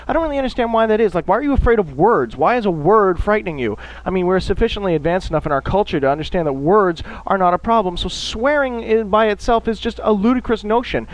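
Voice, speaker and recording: High, animated ranting radio host. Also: male voice, fast, few pauses, rough recording. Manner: ranting, swearing, sarcastic mock voices. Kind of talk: profane solo rant.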